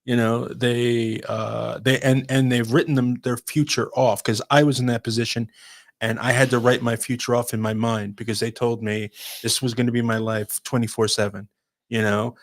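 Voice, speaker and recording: Brief: male co-host, mid-pitched voice, earnest and emphatic. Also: level tone, moderate pace. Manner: earnest, emphatic, backchannels often. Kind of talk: casual podcast conversation.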